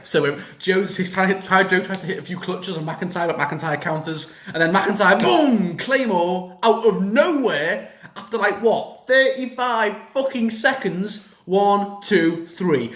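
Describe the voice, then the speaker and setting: A young man ranting casually about a wrestling show in a reaction vlog, excitable and swearing freely. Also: sits high, moderate pace. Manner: excitable, swears a lot, rants. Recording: echoey room.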